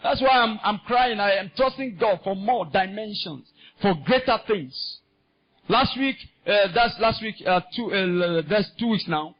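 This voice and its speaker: A man preaching a sermon in a Nigerian English accent, impassioned and climbing into shouts. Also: sits high, a little slow. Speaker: pastor. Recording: dull lo-fi sound.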